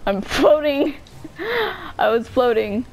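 A woman's voice: high voice, big pitch swings, slow pace, rough recording. A woman chatting casually while playing a video game, giggly, playful and teasing. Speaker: gameplay co-player. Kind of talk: casual chat while gaming.

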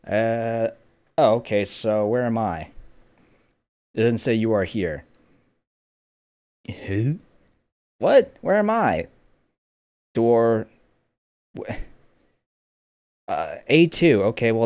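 A man's voice: mid-range voice, expressive, takes it slowly, long pauses, a little mellow. A man hosting a casual gameplay video, joking, swearing and talking to himself as he plays. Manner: jokey, swears a lot, talks to himself. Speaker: gameplay host.

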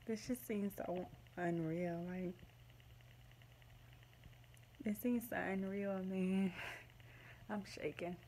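A woman's voice: mid-range voice, mellow, slight background noise, rough recording. A woman in her late twenties talking to her phone camera at home, emotional and rambling as she gushes to her viewers. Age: late 20s. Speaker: vlogger. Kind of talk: casual to-camera vlog.

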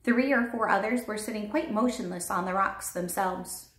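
A woman teacher reading a chapter book aloud in a calm, measured storytelling voice. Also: medium pitch. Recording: roomy echo.

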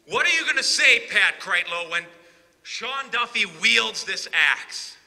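A man giving an impassioned political rally speech, rising to shouted emphasis with sarcastic asides. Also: high voice, lively intonation, takes it slowly. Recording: long reverb of a large hall.

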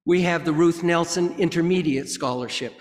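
An older man presenting music scholarships during a church service, speaking haltingly with many fillers. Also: fairly high pitch. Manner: slow, halting, with frequent fillers. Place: church sanctuary. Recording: reverberant church sanctuary.

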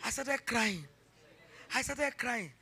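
A woman's voice: on the high side, animated, slow, pushed and bright, husky. A middle-aged Nigerian woman pastor preaching a sermon, telling a personal story and rising to fervent emphasis.

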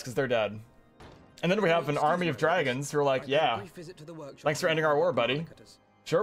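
A man giving casual, profane commentary while playing a game, excitable and laughing often. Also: fairly high pitch. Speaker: streamer reacting to a game.

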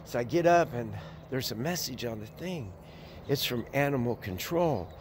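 An older man with a drawl rambles on in a casual vlog, his voice sitting at a middling pitch. He talks outdoors, and a faint wash of background noise runs under him. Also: animated, normal speed. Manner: rambling, talks to puppies in a high cooing voice. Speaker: animal sanctuary owner. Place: outdoors at an animal sanctuary.

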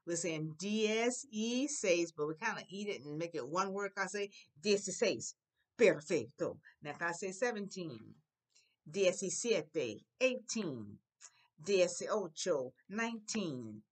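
A woman teaching a Spanish class to young pupils, drilling numbers and colors with slow, exaggerated pronunciation and frequent prompts for the class to repeat. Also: on the low side. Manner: encouraging, prompting the class often. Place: school classroom.

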